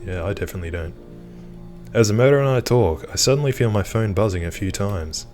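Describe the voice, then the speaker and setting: Young male let's player, low-pitched, narrates a story game casually over soft music. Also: animated, fairly quick. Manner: easygoing asides between narration. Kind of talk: reading a visual novel aloud with comments.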